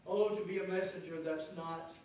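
A man preaching a sermon as pastor, lively, acting out the crowd's voices with a raised voice. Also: sits high, normal speed, a little hiss or hum. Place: church sanctuary. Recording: echoey church hall from far off.

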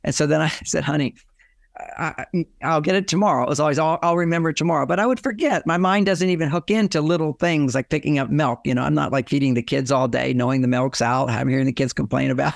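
An older man giving relationship advice through lively personal stories, often acting out both sides of a conversation. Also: fairly high pitch, creaky, no room sound, clean studio sound. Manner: animated storyteller, acts out dialogue. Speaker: relationship author and guest.

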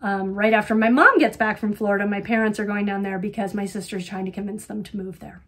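A woman's voice: medium pitch, fairly even intonation, fast talker, fairly bright tone. A middle-aged woman hosting a knitting podcast, chatting casually and rambling with lots of ums and wry asides. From Colorado, USA. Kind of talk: casual chat.

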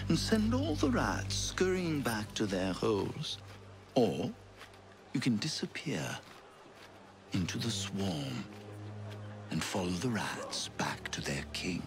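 A man's voice: mid-range voice, exaggerated voice. An actor playing a sly, mocking male informant in a video game, drawling and teasing. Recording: game audio with loud music.

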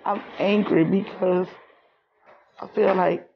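A middle-aged woman, crying as she talks haltingly in a personal vlog. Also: mid-range voice, fairly even intonation, muffled recording, slight background noise. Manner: tearful, halting, repeats herself. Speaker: vlogger.

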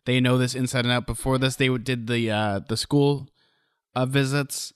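A man co-hosting a podcast in casual chat, relaxed and chatty, often finishing his co-host's sentences. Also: mid-range voice, moderate pace, clear, resonant tone, no room sound, studio quality. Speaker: podcast co-host.

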